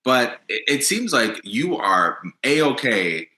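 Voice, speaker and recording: A man hosting a podcast interview in casual chat, halting with many fillers and restarts. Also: mid-range voice, big pitch swings, bright, forceful tone, reverberant, rough recording. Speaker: podcast host.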